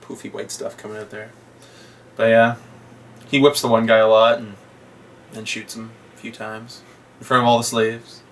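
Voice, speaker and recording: A man's voice: lowish voice, level tone, moderate pace, pauses often, fairly bright tone. A young man casually retelling a film's plot, quoting characters in funny voices and laughing often. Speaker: podcast co-host. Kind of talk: casual movie review chat. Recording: distant mic with faint noise.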